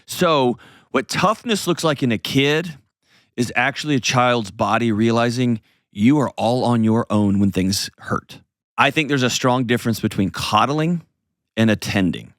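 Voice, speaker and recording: A man's voice: mid-range voice, measured pace, dry recording, studio quality. A man hosting an advice show, explaining casually to a caller with acted-out examples and frequent "right?" checks.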